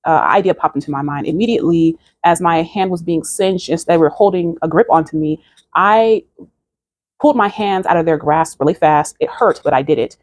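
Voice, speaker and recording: A lowish-voiced woman talks fairly quickly, recorded with no echo. In her spiritual vlog she earnestly tells of a dream, then exhorts viewers in a preachy manner to turn to faith.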